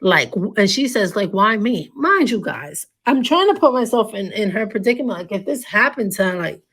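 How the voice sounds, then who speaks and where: A young adult woman reading chat messages aloud and reacting in a casual, hesitant way. She often repeats words while she thinks out loud. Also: medium pitch, big pitch swings, moderate pace, breathy edge. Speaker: commentary YouTuber.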